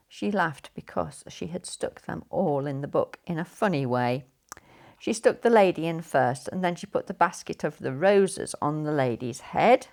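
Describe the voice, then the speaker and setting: Woman storyteller, gravelly low voice, playful expressive bedtime reading. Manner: expressive, drawn-out sound words.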